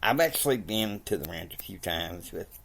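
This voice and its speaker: A woman's voice: extremely low pitch, expressive, normal speed, creaky, a little hiss or hum. A woman casually retelling a story, hesitant, repeating words and adding asides.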